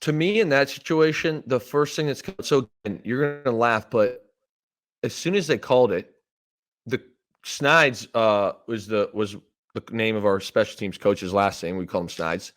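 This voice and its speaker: Man, thirties, from canada, podcast host, animated storyteller, casual swearing, mid-pitched voice. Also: normal speed. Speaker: podcast host, former player. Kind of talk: casual sports podcast chat.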